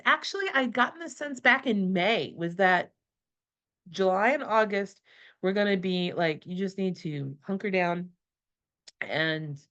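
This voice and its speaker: A woman's voice: medium pitch, a bit bright, lo-fi sound. A middle-aged woman talking through a tarot reading in a rambling, emotional way, with many fillers and restarts. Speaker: tarot channeler. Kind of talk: casual spoken reflection.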